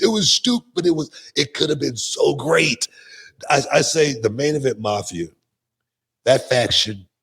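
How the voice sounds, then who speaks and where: A man guesting on a talk show, telling animated stories and often repeating words as he goes. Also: mid-range voice. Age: older. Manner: animated, repeats words, laughs mid-sentence. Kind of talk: casual interview storytelling.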